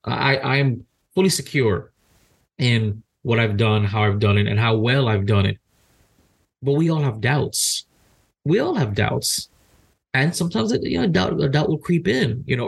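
A man with a gravelly, husky voice, hosting a podcast in relaxed talk. He gets animated, repeats words as he builds a point, and acts out other people's lines. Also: medium pitch, normal speed. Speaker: podcast host.

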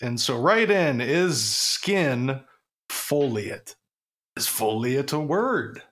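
A man's voice: mid-range voice, expressive, extremely slow, fairly bright tone. A man co-hosting a podcast in casual chat, goofy and riffing on silly jokes. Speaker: podcast co-host.

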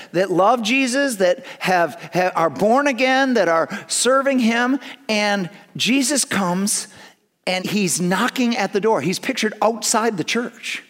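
A pastor preaching a sermon with earnest delivery that swings between hushed, quiet passages and emphatic declarations. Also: male voice, high voice.

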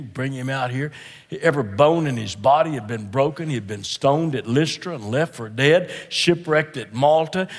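A man preaching a sermon as a guest speaker, emphatic and repetitive, swinging between loud declarations and hushed asides, often clearing his throat. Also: mid-range voice, long reverb tail.

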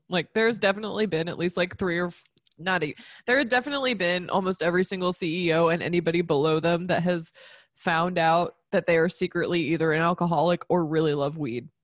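A woman's voice: lowish voice, no echo, clean studio sound. A woman co-hosting a casual chat, tipsy and rambling off on giggly tangents. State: tipsy from tequila. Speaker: podcast co-host.

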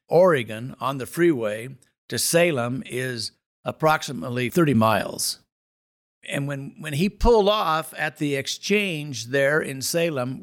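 A man's voice: medium pitch, a bit bright. Earnest storytelling pastor, a man. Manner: earnest, dramatic storyteller with building emphasis. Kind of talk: spoken testimony storytelling.

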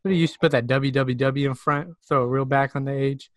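A man's voice: medium pitch, steady tone, fast talker. A man from South Carolina co-hosting a podcast in a playful, slangy, hyped-up way. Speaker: podcast co-host. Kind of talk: casual chat.

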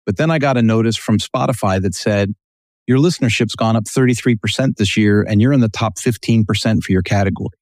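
A man who is a guest on a casual podcast interview, telling business stories in an animated way and acting out quotes. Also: on the low side, quick pace, dry recording, studio quality. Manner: storytelling, animated, acts out quotes.

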